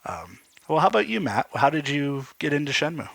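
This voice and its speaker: A man's voice: a little high, big pitch swings, a little fast, gravelly, fairly bright tone, poor audio. A man hosting a podcast, asking long, thoughtful questions in a casual chat. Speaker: podcast host.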